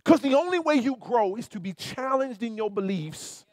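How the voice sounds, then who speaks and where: A man pastor preaching a sermon in an animated, colloquial way, turning often to his listeners with repeated asides. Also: extremely high pitch, normal speed, no room sound, clean studio sound.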